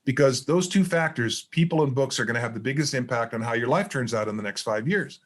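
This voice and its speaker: A middle-aged man, a motivational speaker appearing as a podcast guest, telling stories in a lively way and acting out the dialogue. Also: medium pitch, fast. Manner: animated storyteller who acts out dialogue. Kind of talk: storytelling interview chat.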